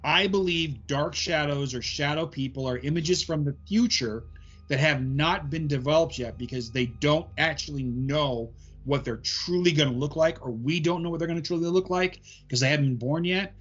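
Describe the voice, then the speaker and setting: A man's voice: a little high, moderate pace, a bit bright. Rambling man with a dull lo-fi sound. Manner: rambling explanations full of "um" fillers. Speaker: paranormal investigator guest. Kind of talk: casual podcast chat.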